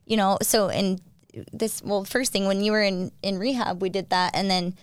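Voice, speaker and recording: A young woman with a smooth, clean voice, recorded close and dry. She tells her story animatedly and acts out what others said. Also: mid-range voice, fairly even intonation, moderate pace, dry recording. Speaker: guest sharing recovery story. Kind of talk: casual conversation.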